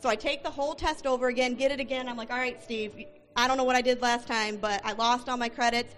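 Woman, middle-aged, church testimony, animated storyteller, bright tone. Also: fairly high pitch, quick pace. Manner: animated storytelling, acting out dialogue. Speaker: church speaker giving testimony. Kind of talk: testimony sermon.

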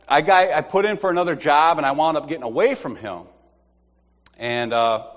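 A middle-aged man sharing a personal faith testimony as an animated storyteller who laughs and repeats himself. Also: fairly high pitch. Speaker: church member sharing a testimony. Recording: long hall reverb.

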